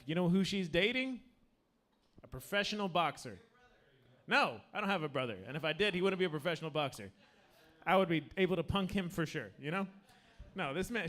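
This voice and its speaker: A slightly drunk man rambles through a crude open-mic stand-up set, stumbling over his words and restarting sentences. His voice sits a bit high for a man. It sounds like a handheld stage mic in a small bar room. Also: a bit bright. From United States. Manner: crude, rambling, self-interrupting. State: tipsy. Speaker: stand-up comedian.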